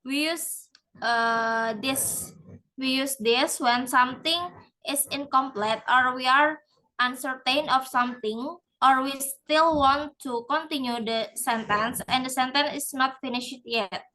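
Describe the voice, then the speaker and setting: A woman's voice: sits high, a little slow, pushed and bright, poor audio. A young woman with an Indonesian accent, a student giving a class presentation and explaining step by step with some fillers and restarts. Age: young adult.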